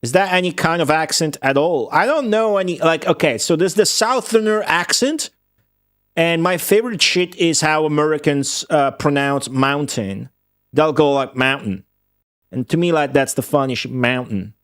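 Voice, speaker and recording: A man's voice: fairly high pitch, moderate pace, fairly bright tone, no echo, studio quality. A man with an Italian accent, a streamer rambling and swearing in casual chat with his viewers while playing a game. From Italy. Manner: rambling, profane, chatty with chat readers.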